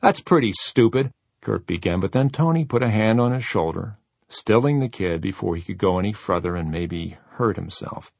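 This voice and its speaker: Low, gravelly male narrator. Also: moderate pace, darkish tone, no echo. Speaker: audiobook narrator. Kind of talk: scripted narration.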